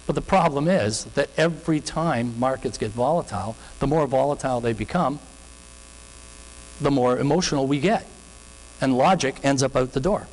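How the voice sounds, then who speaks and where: A man's voice: mid-range voice, big-room sound, poor audio. A man with a Canadian accent giving a seminar talk as a financial advisor, earnest and conversational, full of anecdotes. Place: seminar room.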